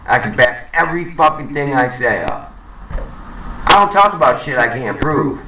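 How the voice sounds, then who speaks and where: A man's voice: medium pitch, expressive, moderate pace, echoey room, distant mic, background noise. A man ranting angrily to camera, swearing and repeating himself, in a profane monologue. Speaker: vlogger. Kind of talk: profane conspiracy rant to camera.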